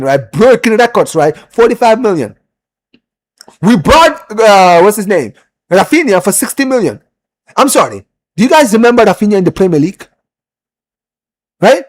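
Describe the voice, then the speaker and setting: A man's voice: high-pitched, fairly quick, pauses often. A young man hosting a football live stream, ranting in casual chat, repeating himself and calling the audience "bro". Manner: animated, repeats himself, lots of "bro" and "man", rising when heated.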